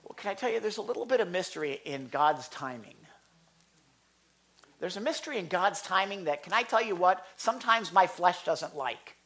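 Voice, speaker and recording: Earnest guy preaching, highish sharp voice, loud questions then quiet asides. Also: expressive, normal speed. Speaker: Bible teacher. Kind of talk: conversational sermon.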